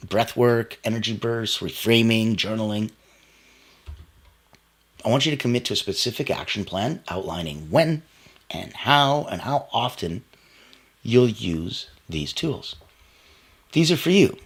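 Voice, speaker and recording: A man giving a motivational talk, coaching listeners directly in an emphatic, animated way. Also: medium pitch, a little slow, long pauses, husky. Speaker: motivational speaker.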